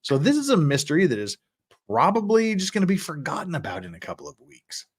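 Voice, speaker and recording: Lively, chuckling male livestream host. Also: on the high side, fast talker, slightly rough. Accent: American. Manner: lively, rambling, chuckles often, restarts words. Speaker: livestream host reading chat. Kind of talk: casual livestream chat.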